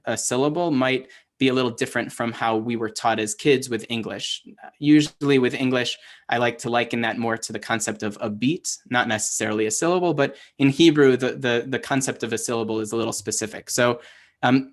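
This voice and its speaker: A man teaching a language class over a video call, explaining patiently and often checking in with his students. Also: mid-range voice. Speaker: Hebrew teacher. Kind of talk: online class lesson.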